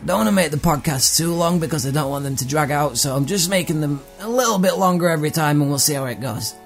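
A man's voice: a little high, fast, faint music behind. A man hosting a comedy podcast, riffing irreverently and profanely on news items. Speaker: podcast host. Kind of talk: comedic monologue reading tweets.

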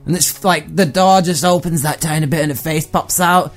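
A man's voice: fairly high pitch, fairly even intonation, moderate pace, faint music behind. A man hosting a comedy podcast, riffing irreverently and profanely on news items. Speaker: podcast host. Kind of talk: comedic monologue reading tweets.

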